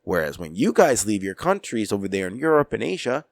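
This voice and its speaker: An American man co-hosting a podcast in casual chat, talking emphatically and excitably and swearing freely. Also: fairly low pitch, brisk, no echo, studio quality. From United States. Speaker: podcast co-host.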